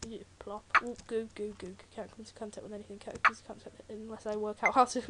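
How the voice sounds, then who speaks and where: A teen girl from Britain talks at a quick pace in a medium-pitched voice with little pitch movement, giving Let's Play commentary on a video game. It's chatty and jokey, with rambling asides, and loud keyboard typing and clicks are heard throughout.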